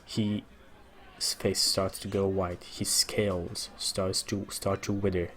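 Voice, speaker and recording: A man improvising a story aloud during a tabletop game, narrating slowly and haltingly. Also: sits low, flat delivery, a bit bright. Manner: slow, halting narration with restarts.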